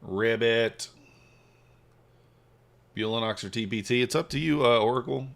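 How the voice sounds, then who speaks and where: A man hosting a trading livestream, casually reading and answering viewer chat while he trades, swinging between hyped shout-outs and quiet muttering. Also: mid-range voice, a little slow, vocal fry. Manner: hypes viewers, reads chat aloud, shifts from excited shouts to mumbling. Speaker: livestream host, futures trader.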